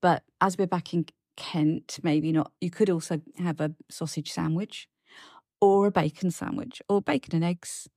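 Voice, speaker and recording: This is an Englishwoman with a somewhat low voice, chatting casually as co-host in a teasing, easygoing manner. Her voice is recorded dry and close to the mic. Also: steady tone, a little mellow, dry recording. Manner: chatty, teasing, quick to laugh. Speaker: podcast co-host. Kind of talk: casual chat.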